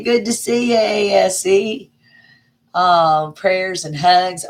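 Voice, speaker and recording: A middle-aged woman, chatting casually on a livestream and greeting viewers by name with folksy warmth. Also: low voice, measured pace. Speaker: livestream host. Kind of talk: casual live chat reading viewer comments.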